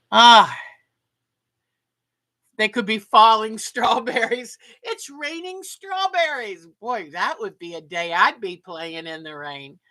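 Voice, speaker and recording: Slow, bright-voiced woman quilting host. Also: on the low side. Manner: chatty, reading viewer comments aloud with warm enthusiasm. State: sleepy, yawning. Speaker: livestream host. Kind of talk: casual livestream chat.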